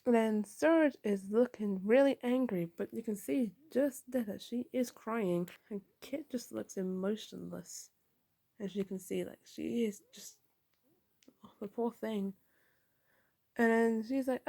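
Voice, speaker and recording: A woman with a mellow, relaxed tone that sits a little higher than most. She talks through a comic book in a casual review, walking through each panel and reading the characters' lines aloud as she goes. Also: unhurried, creaky. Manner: recaps panels and reads dialogue aloud.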